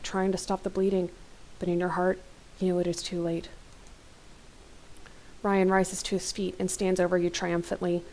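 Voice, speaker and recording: A woman's voice: lowish voice, slight background noise, rough recording. Young woman reading a horror story aloud. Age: young adult. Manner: dramatic reading broken by startled gasps and comments. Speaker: let's play host. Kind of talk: reading an interactive horror novel aloud with reactions.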